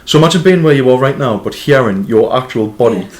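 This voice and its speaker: A man co-hosting a casual podcast chat, telling animated stories with lots of swearing and laughter. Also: mid-range voice, fast talker. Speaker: podcast co-host.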